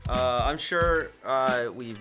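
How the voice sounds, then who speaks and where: A man on a casual podcast, telling animated anecdotes and laughing often. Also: mid-range voice, slow pace, music in the background.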